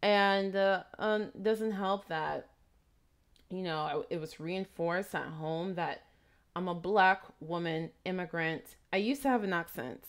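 A woman's voice: fairly low pitch, unhurried, smooth. A woman talking casually and reflectively in a vlog, with a slight trace of a foreign accent, rambling through asides and questions. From immigrant raised in Texas. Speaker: vlogger.

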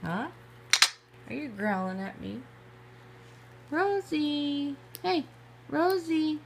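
Woman, slow, gravelly, sing-song baby talk to her pets, at home. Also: sits high, animated, a little mellow, slight background noise. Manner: playful, teasing baby talk. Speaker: pet owner.

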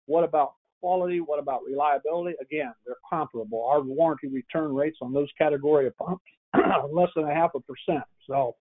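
Male product trainer, folksy and plain-spoken, slightly high voice, lo-fi phone-like audio. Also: brisk. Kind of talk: training lecture with anecdotes. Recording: tinny phone-like sound.

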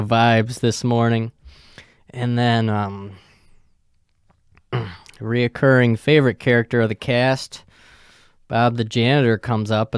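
A young man hosting a podcast rambles through a story from work, swearing often and trailing off with ums. His medium-pitched voice is clear and resonant, recorded in a clean studio with no room sound.

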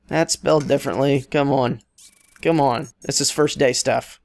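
A man's voice: mid-range voice, unhurried, no echo. Man, casual gameplay commentary, rambling, joking, mid-range voice. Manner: rambling, joking, talks to game characters. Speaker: let's play host.

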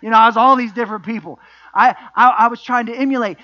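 High, bright-voiced preacher, middle-aged man. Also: steady tone, fast talker, highs cut off. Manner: emphatic preaching, repeated refrains and rhetorical questions. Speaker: pastor. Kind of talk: sermon.

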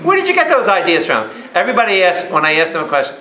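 Very fast, pushed and bright, a priest's high voice swings hugely in pitch as he leads a live Bible study in a meeting room or church hall. He speaks emphatically, peppering his listeners with questions, in an echoey room.

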